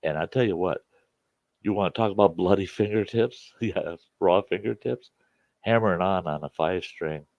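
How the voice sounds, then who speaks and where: Deep, gravelly man telling rambling stories. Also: moderate pace, no echo, highs cut off. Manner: rambling folksy storyteller, many restarts. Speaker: campfire chat show host. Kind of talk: casual storytelling chat.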